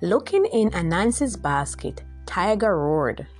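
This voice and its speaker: Lively woman telling a folktale. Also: lowish voice, measured pace, breathy edge, faint music behind. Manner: lively, expressive storytelling. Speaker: storyteller. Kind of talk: scripted folktale narration.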